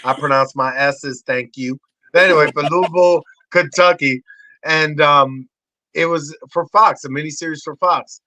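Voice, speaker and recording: A man in his forties, a podcast guest telling wild stories with swearing and excitable energy. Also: moderate pace, no room sound, rough recording. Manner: excitable, swearing, acts out voices in high shouts. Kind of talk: animated storytelling.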